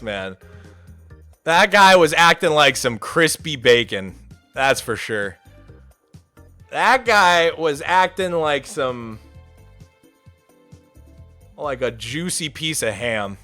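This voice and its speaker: A man rants through a story on his livestream, sarcastic and fired up, his pitch leaping around as he talks. His voice sits high and sounds bright and sharp. Faint music plays quietly behind him. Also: slow, long pauses. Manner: animated, ranting, sarcastic, swings to shouting. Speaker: streamer.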